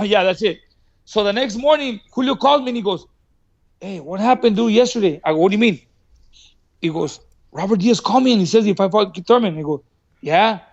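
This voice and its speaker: Boxing trainer from Mexico, guest on a podcast, high voice, lively yarn-spinner who plays every quote. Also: male voice, brisk, gravelly, muffled recording. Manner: animated, acts out quoted dialogue, laughs often. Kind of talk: casual storytelling. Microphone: studio podcast mic.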